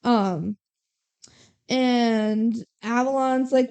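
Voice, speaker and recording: Warm and mid-range, this young woman's voice moves at a measured pace as she co-hosts a podcast. Her recap of a film goes scene by scene, peppered with character quotes and frequent "like" and "um."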